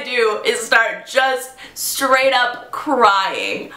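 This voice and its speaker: A woman tells a story to the camera with lots of drama and animation. Her voice sits a little high and sounds bright and forceful. The recording has the echo of a bare room. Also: expressive, measured pace. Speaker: vlogger. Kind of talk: storytime vlog. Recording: echoey room.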